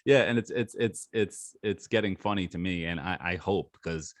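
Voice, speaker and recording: A man's voice: low voice, normal speed, no room sound, studio quality. A man co-hosting a casual sports podcast, joking and sarcastic, often laughing as he talks. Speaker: podcast co-host.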